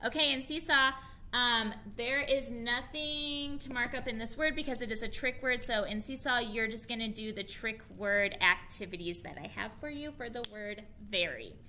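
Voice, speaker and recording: A woman teacher giving a reading lesson to young children, spelling and sounding out words slowly and asking them to repeat after her. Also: fairly high pitch, pushed and bright, slight background noise.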